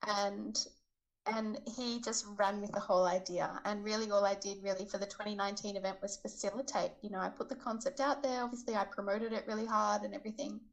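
A woman telling a story in a chatty, casual way, lively when she quotes other people's words. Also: mid-range voice, brisk, rough recording. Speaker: charity event organizer.

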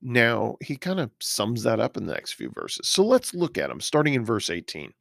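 A man's voice: mid-range voice, wildly swooping pitch, vocal fry, a bit bright, dry recording. Earnest pastor man, dry close sound. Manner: earnest, explanatory, pauses to search for words. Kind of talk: verse-by-verse Bible study.

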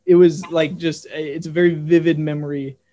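A young man hosts a podcast in relaxed conversation with his guests. His voice sits a little high, and he rambles with plenty of "like" and "um" as he works toward his questions. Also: fairly quick, highs cut off. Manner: rambling, many fillers. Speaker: podcast host. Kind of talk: casual interview chat.

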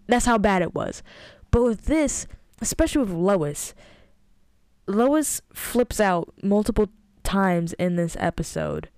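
A woman's voice: medium pitch, unhurried, darkish tone, clean tone, no room sound, clean studio sound. A young adult woman hosting a podcast, reviewing a TV episode in a chatty, emphatic way with exasperated asides. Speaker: podcast host. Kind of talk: casual TV review monologue.

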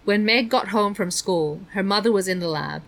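A woman reads a story aloud as an audiobook narrator. Her voice sits at a middle pitch, and her delivery is measured and even. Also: poor audio.

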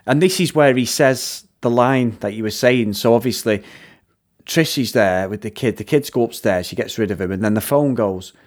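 A man's voice: mid-range voice, moderate pace. A man co-hosting a film review podcast in casual chat. He retells scenes at length, swears freely and laughs often. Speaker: podcast co-host reviewing films.

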